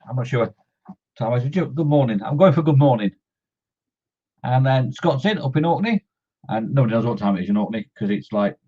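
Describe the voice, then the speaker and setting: A man's voice: mid-range voice, darkish tone, slightly rough, muffled recording. A man chatting casually on a scale-modelling live stream, greeting viewers by name and joking as he works.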